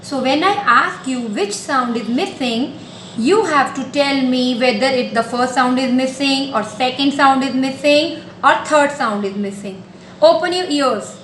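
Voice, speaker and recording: A woman's voice: high voice, unhurried, a bit bright, a little hiss or hum. A woman teaching a nursery class, talking patiently and coaxingly in a sing-song way to small children. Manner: patient, coaxing, repeats simple instructions. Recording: echoey room.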